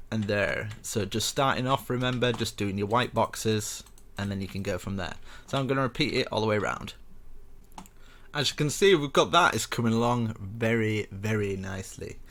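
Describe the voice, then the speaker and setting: Gravelly low-voiced young man explaining a build. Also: normal speed, fairly bright tone. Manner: chatty and rambling, self-mocking asides. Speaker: building tutorial host. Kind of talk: casual step-by-step game tutorial.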